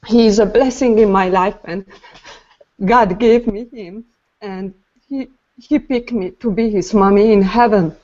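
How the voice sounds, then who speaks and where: A woman shares something personal in a group call, speaking slowly and haltingly, full of pauses and emotion. Her voice sits at a medium pitch, and the recording sounds dull and lo-fi. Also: a little mellow.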